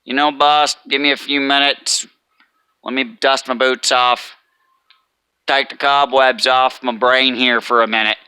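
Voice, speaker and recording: A truck driver, as a man puts him on calmly explains what went wrong and owns his share of the blame. The voice is bright and very crisp, and the recording is dry and close. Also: mid-range voice, a little slow, no echo. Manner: plain, calm and owning up. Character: male truck driver owning up to a mistake.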